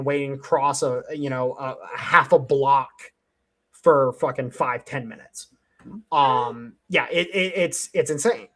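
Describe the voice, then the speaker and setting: A man from the Cleveland area, USA, with a fairly high, fairly bright voice hosts a casual panel chat through a headset. He tells rambling stories, swears often, and laughs a lot.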